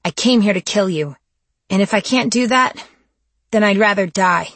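Woman narrator as a sharp, defiant teen heroine, low husky voice, dry recording. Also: flat delivery, brisk, no room sound. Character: defiant teenage girl vampire hunter. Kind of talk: audiobook dialogue.

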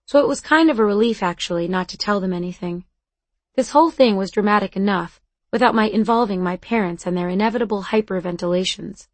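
A woman's voice: medium pitch, fast talker. A woman narrates a first-person story in an earnest, conversational way. The recording is dry and close, with no room echo at all. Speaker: audiobook narrator.

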